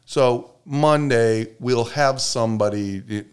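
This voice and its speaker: A man co-hosting a podcast, telling stories in an animated way and cursing when irritated. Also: mid-range voice, takes it slowly, clean tone. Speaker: podcast co-host. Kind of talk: casual podcast banter.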